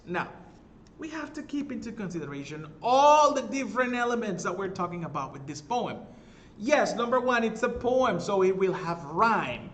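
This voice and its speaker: Male literature teacher, fairly high voice, patient explainer who self-corrects, soft hiss behind. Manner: explanatory, checks in with "all right?", corrects himself. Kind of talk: recorded class lecture.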